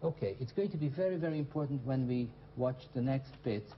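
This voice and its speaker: A man's voice: mid-range voice, lively intonation, fairly quick. Male TV English teacher, encouraging, echoes student answers, dull lo-fi studio sound with faint hum. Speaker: English teacher and show host. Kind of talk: classroom teaching. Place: TV studio classroom.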